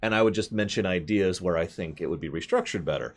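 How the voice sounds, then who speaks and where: A man's voice: deep voice, fast. A man hosting a casual chat over a video call, rambling and joking at his own expense. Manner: rambling, jokey, self-deprecating. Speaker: host.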